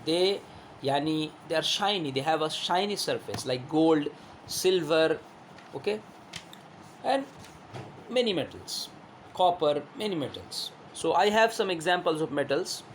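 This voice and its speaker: A man's voice: fairly high pitch, lively intonation, unhurried, a little hiss or hum. A male teacher giving a classroom lesson, who repeats himself, asks rhetorical questions and shows objects while explaining.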